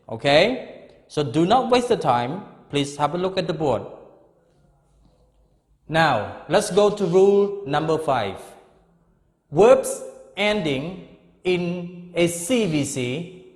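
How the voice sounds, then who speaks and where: A middle-aged man teaching an English grammar lesson, explaining slowly and repeating himself with frequent checks of "okay?". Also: a little high. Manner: slow, repetitive, drawn-out explanations with frequent "okay?". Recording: echoey room with long reverb.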